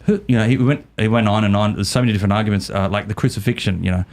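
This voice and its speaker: A man with an Australian accent, a podcast guest telling a story in a lively way, often repeating and restarting his words. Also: lowish voice, very fast. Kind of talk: casual storytelling.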